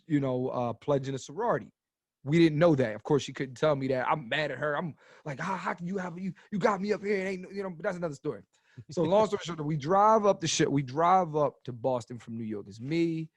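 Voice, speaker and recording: A man in his thirties, a stand-up comedian guest on a podcast, telling stories in a rambling, animated way full of filler words. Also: medium pitch, dry recording. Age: 30s. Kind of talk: casual podcast storytelling.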